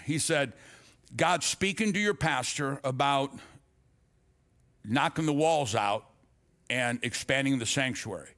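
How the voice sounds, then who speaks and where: A man's voice: a little high, bright, forceful tone. An older man, a pastor, telling a personal story in a sermon, acting out the dialogue with frequent restarts and stammers.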